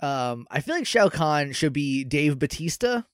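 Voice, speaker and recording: A man's voice: fairly high pitch, very animated, unhurried, smooth, no echo. Chatty young man with a dry close sound. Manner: rambling, lots of fillers and laughs. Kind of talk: casual chat.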